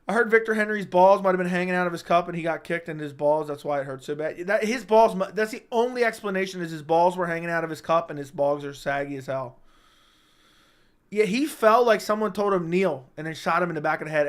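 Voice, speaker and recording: A man hosting a casual livestream chat, talking in an animated, emphatic way, repeating himself and swearing freely. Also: high-pitched, fast talker, clean tone. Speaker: livestream host. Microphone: studio microphone.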